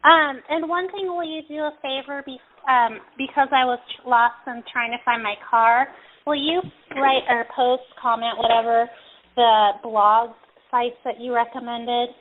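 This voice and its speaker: A friendly woman on a team call, quick to laugh. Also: a little high, fairly even intonation. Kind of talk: casual call chat. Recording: tinny phone line with faint noise.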